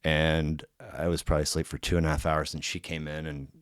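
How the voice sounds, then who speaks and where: A low-pitched man with a smooth, resonant voice, recorded close and dry. He chats loosely and profanely, piling up fillers and restarts as he tells his story. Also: completely flat delivery, a little fast, dry recording. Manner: profane, rambling, filler-heavy. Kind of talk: casual storytelling chat.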